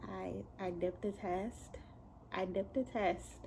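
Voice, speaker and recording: A young adult woman telling a casual story at home, chatty and animated, often breaking into laughs. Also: medium pitch, takes it slowly, vocal fry, background noise. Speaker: vlogger and mother.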